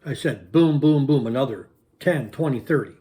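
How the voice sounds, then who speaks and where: A man hosting his own channel, telling a personal story to his viewers in an animated, repetitive way with punchy sound words. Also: mid-range voice, normal speed. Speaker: channel host.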